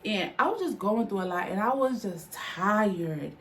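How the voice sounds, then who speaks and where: A woman's voice: mid-range voice, lively intonation, unhurried, slight background noise. Candid woman vlogger sharing her faith story. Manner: candid, conversational, heartfelt, with frequent "like" fillers. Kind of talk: personal testimony vlog.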